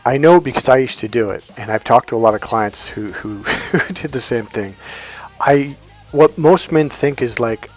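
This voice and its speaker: A man's voice: medium pitch, moderate pace, faint music behind. A man in his fifties giving casual dating advice, rambling with restarts and acting out quoted dialogue. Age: 50s. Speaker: dating coach.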